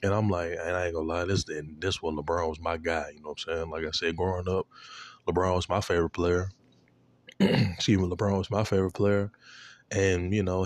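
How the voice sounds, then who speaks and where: Deep-voiced young man rambling casually. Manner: loose, profane, full of fillers and slang. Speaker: vlogger.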